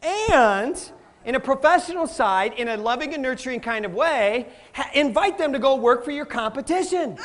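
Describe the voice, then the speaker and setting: A middle-aged man giving a live motivational talk, energetic and playful, quizzing the audience and laughing often. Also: very high voice, moderate pace. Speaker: motivational speaker.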